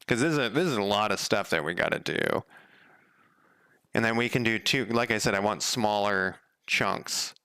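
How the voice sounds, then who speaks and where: A man's voice: fairly low pitch, moderate pace, sharp tone, clean tone, no room sound. A man developing a game on a live stream, chatting casually and rambling off on tangents as he thinks aloud. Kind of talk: casual live coding chat.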